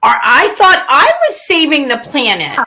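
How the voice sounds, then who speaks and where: A woman's voice: high voice, sing-song, normal speed, sharp tone, exaggerated voice. A woman playing a melodramatic, weepy reality-TV woman in a live comedy parody, whiny and swinging into mock tears. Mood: dramatic.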